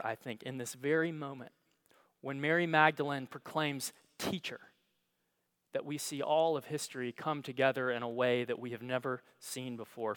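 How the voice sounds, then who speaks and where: A male pastor preaches in church with a clear, resonant, mid-range voice. His sermon tells the story dramatically, moving back and forth between hushed tones and emphatic ones.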